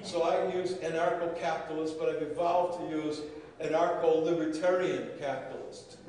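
A man acting as master of ceremonies speaks from a podium in a large event room, delivering a joking, wandering conference speech and frequently repeating words. His voice is slightly high with a darkish tone, and faint background noise is audible. Picked up by a podium microphone at a distance, the sound echoes through the hall.

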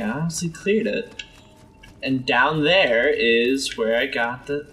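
A young man with a slightly hoarse, sore voice, chatty let's-play commentary, exclaiming and talking back to enemies as he plays. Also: medium pitch, slow pace, a bit bright, distant mic, slight background noise. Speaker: gameplay commentator.

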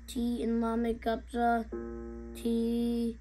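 A young woman giving a home video music lesson, explaining note names slowly with halting pauses and singing them. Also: fairly high pitch, completely flat delivery. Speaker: music teacher.

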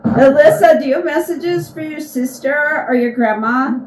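A woman paranormal investigator earnestly asks questions aloud during a spirit box session and repeats the phrases she hears. Her voice is high-pitched at a normal speed, recorded in an echoey, distant, noisy room.

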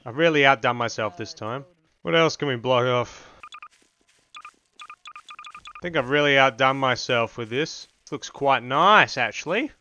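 A man's voice: medium pitch, measured pace, long pauses, muffled recording, slight background noise. Sarcastic young man trolling through gameplay. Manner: sarcastic, crude, deadpan mockery. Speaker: gaming video host.

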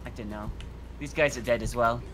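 A woman streamer chatting casually during a multiplayer horror game, excitable and quick to shriek and laugh. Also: extremely low pitch, very noisy. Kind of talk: casual gaming chat.

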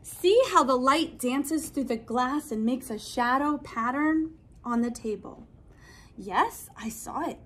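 High-voiced woman reading a storybook slowly. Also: fairly bright tone, a little hiss or hum. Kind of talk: children's storybook read-aloud.

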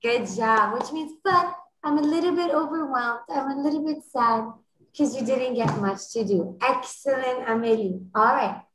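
A woman teaching an online French class to children, encouraging them and modeling phrases slowly and clearly over a video call. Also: sits high, a bit bright, echoey room, poor audio.

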